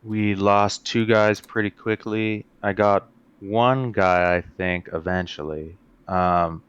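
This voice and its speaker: A man flying for the red team, giving a measured, casual debrief. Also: lowish voice, fairly even intonation, fairly bright tone, smooth, dry recording, lo-fi sound. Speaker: red team fighter pilot.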